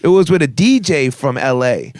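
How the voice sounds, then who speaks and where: A male comedian telling animated, profane anecdotes as a podcast guest. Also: mid-range voice, normal speed, dry recording, studio quality. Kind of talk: casual podcast storytelling. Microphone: studio microphone.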